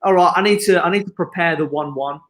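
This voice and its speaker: A man with a Birmingham accent hosting a live football watchalong, chatty and excitable, often shouting at the match. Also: a little high, fast. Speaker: stream host.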